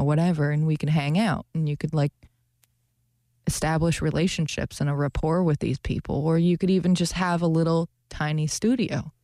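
A woman's voice: low voice, dark tone, dry recording, clean studio sound. A young woman co-hosting a radio show, chatting casually and animatedly, often laughing. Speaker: radio co-host. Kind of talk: casual chat.

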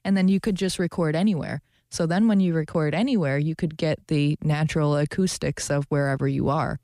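A woman's voice: sits low, fairly even intonation, fairly quick, warm tone, no echo, clean studio sound. A young woman co-hosting a radio show, chatting casually and animatedly, often laughing. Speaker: radio co-host. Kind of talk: casual chat.

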